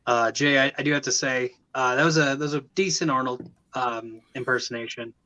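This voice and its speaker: Bright-voiced man hosting a trivia quiz. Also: medium pitch, fairly even intonation, a little fast, rough recording. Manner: reads questions, counts down, jokes. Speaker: trivia host.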